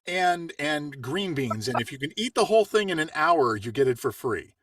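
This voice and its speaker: A man from Los Angeles, a voiceover coach telling stories in a relaxed, easygoing chat. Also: fairly high pitch, normal speed, far from the mic, a crowd in the background. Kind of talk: casual chat.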